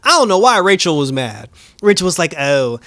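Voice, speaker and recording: A high-voiced man talks through a show recap in loose, slangy, profane casual chat. He gets animated, laughs often, and mimics what characters said. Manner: acts out characters' lines in quick mimicry. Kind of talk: casual reaction review.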